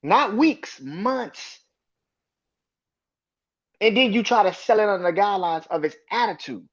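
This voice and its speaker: A man's voice: high voice, very animated, normal speed, long pauses, dull audio. A man hosting a solo sports podcast, ranting with heated profanity and arguing back at imagined critics. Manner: emphatic, argues with imagined critics.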